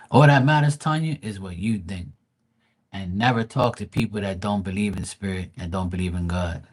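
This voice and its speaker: Male tarot streamer, fairly low voice, blunt and foul-mouthed, casual chat with viewers. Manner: blunt, profane, greets chat viewers by name. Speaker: livestream tarot reader.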